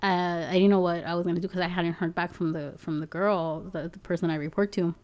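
A woman's voice: lowish voice, fairly even intonation, fairly quick, a little mellow. A young woman chatting casually, telling a story in a rambling way, filling gaps with "like" and "you know", swearing and laughing now and then. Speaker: package delivery driver.

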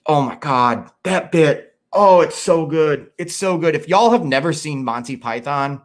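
A man hosting a livestream in a casual, rambling way, reading out chat messages, swearing freely and poking fun at himself. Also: on the high side. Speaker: livestream host.

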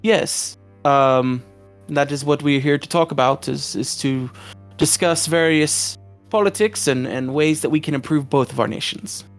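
A man voicing a pompous male vampire count posing as a foreign noble, with a put-on foreign accent and stiff formal speech full of hesitant pauses. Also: fairly high pitch, faint music behind. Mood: courtly.

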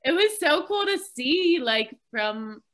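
A woman's voice: high voice, very animated, slow pace. A young woman co-hosting a casual chat, laughing often and saying "like" a lot. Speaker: co-host.

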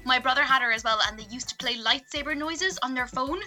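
A woman's voice: sits high, fast talker, pushed and bright. A young Irish woman in casual chat, telling stories with giggles and animation. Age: young adult.

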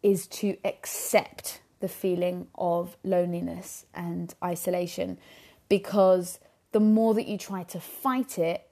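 Slow and gravelly, her fairly low voice stays level and dark. The young host of a solo podcast speaks earnestly into a microphone about parenthood, thoughtful and heavy on "you know."

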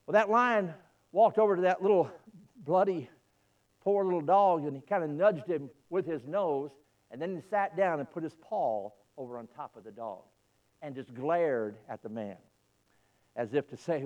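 A fervent male pastor preaches in a church, his fairly high voice rising and falling dramatically. He is caught from some distance, so the sound feels a little far off. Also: lively intonation, normal speed, a little mellow, dull audio. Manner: storytelling, fervent. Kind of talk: sermon.

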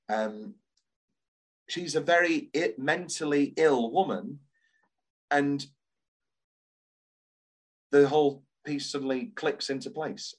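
A man co-hosting a podcast, chatting with enthusiasm and restarting his sentences often. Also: mid-range voice. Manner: animated, gushing, many restarts. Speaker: podcast co-host. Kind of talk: casual enthusiastic chat.

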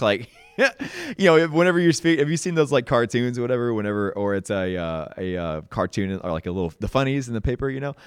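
A man's voice: on the low side, smooth, dry recording, clean studio sound. A young man, hosting a motivational podcast in a folksy, rambling way and often saying "y'all" and "man.". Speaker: podcast host. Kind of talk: casual motivational monologue.

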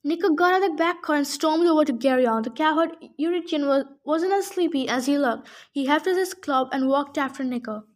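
A woman with a high voice reads a novel aloud in the first person. Now and then she slips out of the text into chatty asides, with fillers and restarts. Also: fairly quick, hardly any pauses. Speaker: reader.

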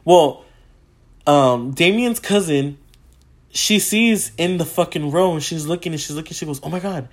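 A man vlogging a casual story time, swearing freely and excitable, acting out what people said with gasps and laughs. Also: a little high, measured pace. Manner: acts out quotes with gasps and laughter.

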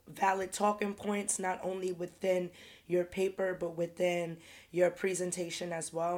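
A young woman in her twenties hosting her own podcast, talking candidly and chattily and swearing casually. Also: fairly low pitch. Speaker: podcast host. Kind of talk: casual solo podcast chat.

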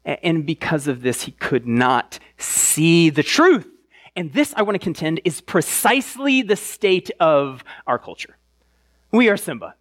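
Animated chatty male preacher. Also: fairly high pitch, a little slow. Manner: conversational, often asks the crowd "right?"; animated, with frequent restarts. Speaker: pastor. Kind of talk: sermon.

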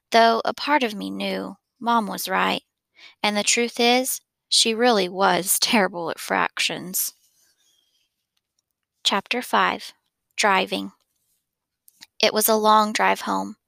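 A woman reads a children's novel aloud with gentle storytelling. Her voice carries a strong gravelly fry, and the recording is close and dry, with no room around it. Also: medium pitch, takes it slowly, pauses often, dry recording. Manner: gentle storytelling, with small slips and restarts. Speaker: reader.

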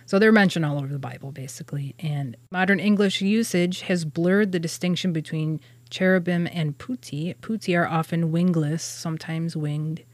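A Catholic churchgoer co-hosting a podcast casually explains the hierarchy of angels from old religious texts, laughing often and stumbling over words. Her low voice moves at normal speed with few pauses, and there's no echo.

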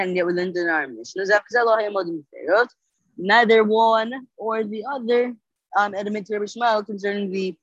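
A podcast host reading the daily Talmud page aloud and translating it line by line, halting with many fillers and self-corrections, sleepy and yawning. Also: mid-range voice, fairly bright tone, no room sound, lo-fi sound.

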